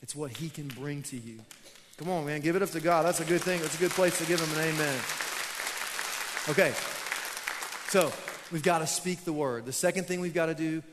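A man's voice: fairly high pitch, brisk, pauses often, long reverb tail, a crowd in the background, background noise. A young man preaching a sermon in a church, casual and self-mocking as he tells stories. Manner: casual, storytelling preacher who laughs at himself. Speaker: pastor. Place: church auditorium.

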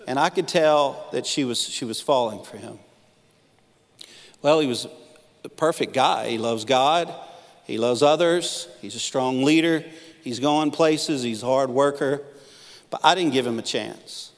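Middle-aged pastor preaching in a reverberant hall. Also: male voice, mid-range voice, measured pace. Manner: storytelling with humor, acting out quotes. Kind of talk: sermon. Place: church auditorium. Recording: long reverb of a church hall.

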